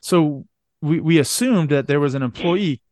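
A man's voice: fairly high pitch, normal speed, darkish tone, dry recording, clean studio sound. Laughing, swearing man telling a story. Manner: laughs often, swears, acts out quoted lines. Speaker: podcast host. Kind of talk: casual storytelling chat.

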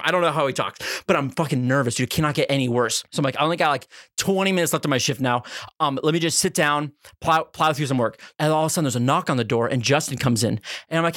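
Fast, bright-voiced man telling a wild story. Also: fairly high pitch, dry recording, clean studio sound. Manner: animated, profane, laughing storyteller. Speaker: podcast co-host. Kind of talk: casual storytelling chat.

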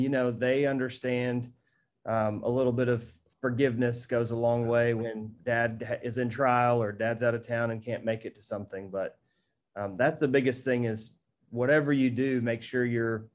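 A man in his thirties, a guest on a podcast, talking in an earnest, reflective and measured way. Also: medium pitch. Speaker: guest attorney. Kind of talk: casual podcast interview.

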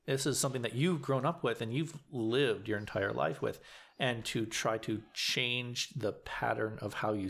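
Earnest actor explaining. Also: male voice, mid-range voice, a bit bright. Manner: earnest, explanatory, frequent restarts. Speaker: community theater actor. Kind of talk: casual interview talk.

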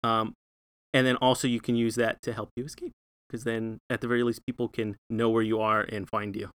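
A man's voice: on the low side, little pitch movement, a little fast, fairly bright tone, clean tone, dry recording. A man narrating as game master, talking loosely with many fillers and asides.

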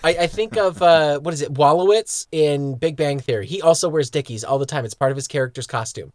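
A man's voice: on the high side, a little fast, no room sound. A man co-hosting a podcast, chatting casually and animatedly about a cartoon, laughing often and swearing now and then. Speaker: podcast co-host. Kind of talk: casual chat.

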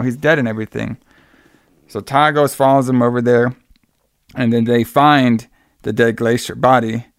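Casual podcast co-host, gravelly male voice, animated storyteller, dry close mic. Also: medium pitch, dry recording. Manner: animated storyteller acting out quotes, laughing often. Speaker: podcast co-host recapping a horror movie. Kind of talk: casual chat.

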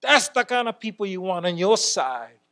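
A middle-aged man preaches a sermon as a church elder. His voice sits high for a man, and he delivers emphatic, exclamation-filled lines that drop suddenly into quiet asides. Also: normal speed. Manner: lively, emphatic, swings between loud exclamations and quiet asides.

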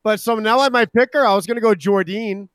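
A man's voice: sits high, fairly quick, a bit bright, dry recording, studio quality. A man co-hosting a casual wrestling chat, brash and profane, trash-talking his co-hosts. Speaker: podcast co-host.

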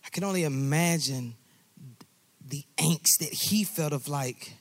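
A man's voice: a little high, unhurried, dry recording. A man preaching a sermon with passion, repeating phrases and rising into a singsong cadence. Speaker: pastor.

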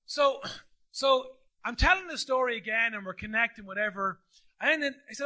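High, bright-voiced Irish pastor. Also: male voice, fast. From Ireland. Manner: animated, jokey storyteller who acts out dialogue. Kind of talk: sermon storytelling. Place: church auditorium.

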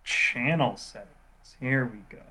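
A man's voice: mid-range voice, slow, a crowd in the background. A man co-hosting a casual podcast chat, chiming in with short remarks and laughing often. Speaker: podcast co-host.

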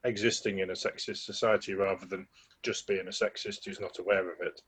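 Male co-host, husky voice, rambling and repetitive. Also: deep voice, flat delivery, a little fast, a bit bright. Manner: rambling, repeats words while thinking. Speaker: podcast co-host. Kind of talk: casual chat about a TV play.

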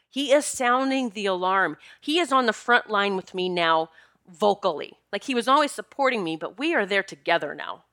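A woman's voice: mid-range voice, expressive, moderate pace, fairly bright tone. A woman talking casually and emphatically to her viewers, often repeating herself to stress a point. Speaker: vlogger addressing viewers. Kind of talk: casual monologue to camera.

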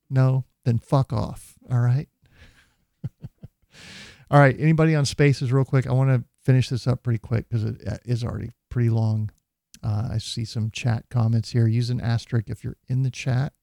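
A man's voice: mid-range voice, gravelly, warm tone, dry recording, clean studio sound. A man hosting a live show, chatting casually and offhandedly, swearing and laughing often. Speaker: host. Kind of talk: casual live-stream chat.

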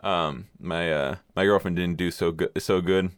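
Deep-voiced man swapping casual stories. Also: steady tone, moderate pace, clean tone, no room sound. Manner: swears freely and laughs through his stories. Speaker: co-host telling stories. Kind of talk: casual chat.

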